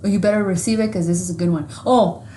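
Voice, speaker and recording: Woman, podcast co-host, casual chat, swears freely, lively storytelling, faint background noise. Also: mid-range voice, fast. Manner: profane, animated storytelling.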